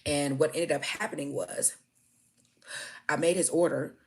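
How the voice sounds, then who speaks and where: Low-voiced woman ranting emphatically. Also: steady tone, unhurried. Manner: emphatic, profane, keeps tagging "okay?". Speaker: food business owner. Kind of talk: storytime rant to camera.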